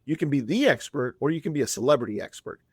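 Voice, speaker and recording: A man in his fifties speaking as a podcast guest at an everyday middle pitch, chatty and rambling as he tells a story, doubling back on his words. The sound is close and dry, with no room around it. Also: expressive, quick pace, a little mellow, husky, no room sound. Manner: chatty, rambling, frequent restarts. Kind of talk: casual storytelling.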